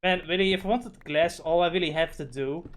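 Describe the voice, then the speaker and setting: High-voiced man, excitable and sweary. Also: brisk. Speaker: streamer. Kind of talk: casual gaming chat.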